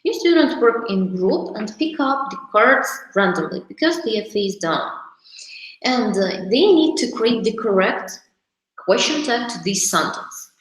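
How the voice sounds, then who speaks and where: A woman's voice: medium pitch, lively intonation, a little slow. A woman teacher trainer presenting classroom activities to a group of teachers, explaining step by step with frequent fillers and restarts. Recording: very echoey room.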